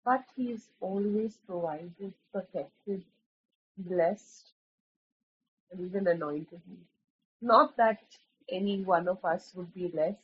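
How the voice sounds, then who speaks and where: A woman's voice: on the low side, takes it slowly, long pauses, husky. A woman from India, sharing hesitantly in an online prayer meeting and searching for her words. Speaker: prayer group member. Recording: dull, lo-fi call audio.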